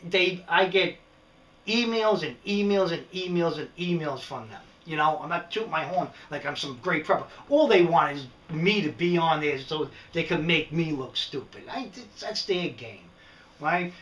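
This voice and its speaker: This prepping vlogger, a middle-aged man with a New York accent, rambles through a casual rant at a moderate pace, his voice on the high side. Animated, he peppers his talk with "right?" The recording picks him up from a distance in a room full of echo.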